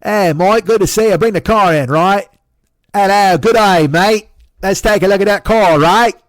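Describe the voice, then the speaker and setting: A man voicing a cheery, randy Australian car mechanic with a put-on Australian accent and loud, high slang-filled talk. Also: moderate pace, no echo, studio quality, close to an everyday voice.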